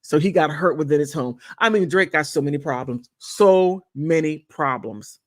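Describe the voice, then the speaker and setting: A woman's voice: deep voice, moderate pace. A woman hosting a casual commentary monologue, rambling with repeats and chatty asides. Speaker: channel host.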